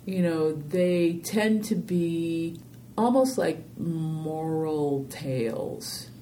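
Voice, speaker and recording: A woman with a warm, mellow voice answers interview questions in a loose, rambling way, peppering her stories with "you know". She tells them with animated energy. A faint low rumble sits behind her. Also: extremely slow. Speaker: interview guest, filmmaker. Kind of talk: casual interview conversation.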